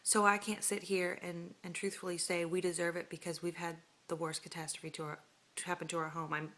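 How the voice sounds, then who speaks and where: A woman's voice: fairly low pitch, little pitch movement, brisk, fairly bright tone. A woman in her thirties earnestly speaking to a home video camera, making a heartfelt, hesitant plea. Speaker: homeowner making an audition video.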